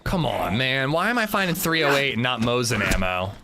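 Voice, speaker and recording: A man's voice: medium pitch, big pitch swings, brisk, background noise. A man streaming a video game live, chatting casually and bluntly to his viewers, rambling with swearing and restarts. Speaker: gaming livestreamer. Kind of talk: casual live gameplay chat.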